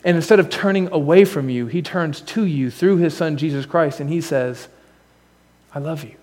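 A male pastor preaching a sermon with a slightly high voice. He shifts between fervent, loud appeals and soft, hushed lines, and adds casual humorous asides. His voice carries a long reverb from a church hall. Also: brisk. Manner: earnest, swings between loud urging and soft, near-whispered lines. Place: church sanctuary.

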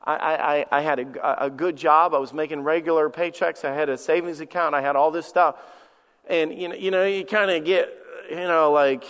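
A pastor in his forties delivers a sermon in a high, ringing voice. He often stammers over the first words of a sentence before pushing on into a personal story. The sound carries the long reverb of a church hall. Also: fairly even intonation, normal speed, fairly bright tone, clean tone. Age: 40s. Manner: repeats words when starting sentences, storytelling. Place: church sanctuary.

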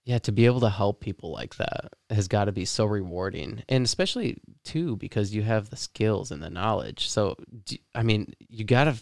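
Male interviewer with a gravelly mid-pitched voice, dry close sound, gives short encouraging replies. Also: lively intonation, normal speed, few pauses, dry recording. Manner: brief encouraging responses. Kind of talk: casual interview chat.

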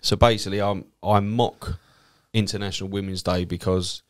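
A man with an Essex accent chats casually and tells stories, swearing freely and acting out the people in them. His voice sits a little low. He talks like a cab driver who does stand-up. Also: moderate pace. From Essex, England. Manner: swears freely, acts out quoted people in a lively way. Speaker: cab driver and comedian guest. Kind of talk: casual chat, telling anecdotes.

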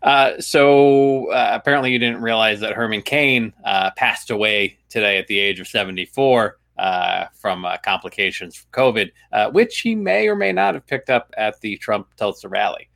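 A middle-aged man co-hosting a casual podcast, talking in a dry, deadpan way. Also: on the low side, moderate pace, vocal fry, hardly any pauses. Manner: dry, deadpan delivery with many uh fillers. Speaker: podcast co-host.

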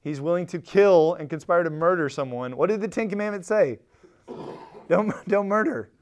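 A man with a high-pitched voice teaches a church Bible study at a moderate pace, and the highs in the audio are cut off. He's animated and conversational, often restarting phrases and performing quotes with increasing emphasis.

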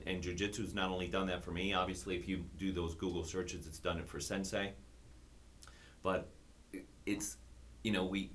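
Deep-voiced reflective podcast host. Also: male voice, a bit bright. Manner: reflective, with frequent restarts and "you know". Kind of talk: casual interview talk.

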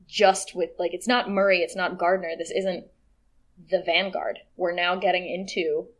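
A woman co-hosting a podcast in casual chat, animated and quick to mimic voices. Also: lowish voice. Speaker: podcast co-host.

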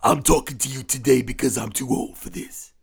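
A man doing a gruff, full-voiced actor impression. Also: fairly quick, heavily acted. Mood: mock-serious. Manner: mock-deep, full-voiced delivery. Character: man impersonating a famous film actor, gruff. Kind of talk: joking impression on a podcast.

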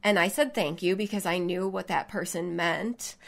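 A woman's voice: on the low side, normal speed, creaky. A woman co-hosting a podcast, talking in a reflective, thoughtful way. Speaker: podcast co-host and artist. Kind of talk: casual podcast chat.

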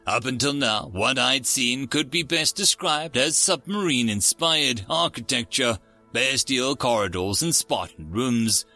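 A man's voice: medium pitch, measured pace, bright, forceful tone, faint music behind. A man narrating a first-person story in a wry, sardonic way.

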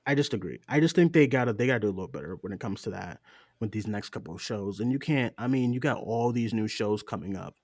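A man's voice: on the low side, animated, quick pace, a little mellow, breathy edge, dry recording, studio quality. A man co-hosting a podcast, talking in a loose, rambling way with lots of fillers and frequent laughs. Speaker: podcast co-host. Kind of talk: casual chat review.

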